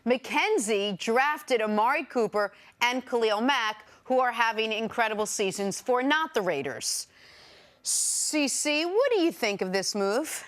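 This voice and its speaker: A woman hosting a sports talk show, running the segments and moving briskly from topic to topic. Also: fairly high pitch, expressive, a bit bright. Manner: brisk, segue-driven. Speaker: show host, moderator.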